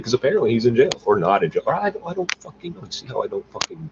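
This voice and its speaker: A man's voice: medium pitch, very animated, racing, creaky. A man in a rambling, agitated, profane monologue to his camera, recorded on the device's own mic. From Canada. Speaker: vlogger. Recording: dull lo-fi with faint noise.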